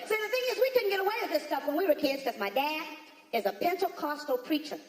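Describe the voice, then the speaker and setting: On a theater stage, a woman does a stand-up routine, telling stories in a punchy style and firing quick asides at the audience. Her voice sits high with lively intonation, and the echoey hall recording catches the crowd laughing.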